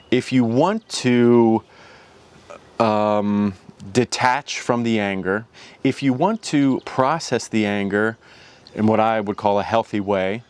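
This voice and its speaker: A man's voice: fairly low pitch, clear, resonant tone. A man hosting his own vlog, talking casually in a rambling, reflective way and often restarting his sentences. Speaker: channel host.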